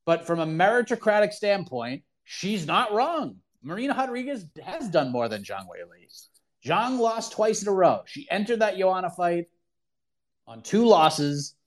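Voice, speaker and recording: A man hosting a casual sports talk call-in show, opinionated and emphatic, often repeating himself for emphasis. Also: on the high side. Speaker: podcast host answering callers.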